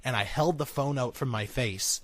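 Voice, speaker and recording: A young man co-hosting a podcast, telling a story in an animated, laughing way. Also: mid-range voice, normal speed, no room sound. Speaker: podcast co-host. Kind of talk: casual storytelling.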